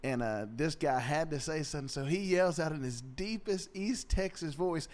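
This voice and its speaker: A man sharing stories in casual chat, conversational, with halting restarts and chuckles. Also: a little high, a little mellow.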